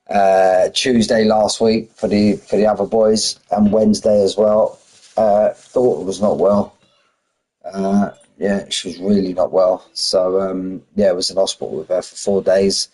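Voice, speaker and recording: Guy chatting on stream before race commentary, lowish voice, calls everyone mate. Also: darkish tone. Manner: chatty, banter-heavy, greets chat by name, says mate a lot. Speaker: sim racing league commentator. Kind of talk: casual stream chat.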